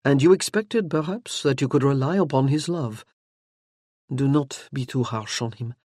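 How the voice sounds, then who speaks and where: An audiobook narrator voicing a gentle, tender French nobleman who speaks low and slowly with a French accent. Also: dry recording, clean studio sound, natural voice. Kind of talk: audiobook character voice.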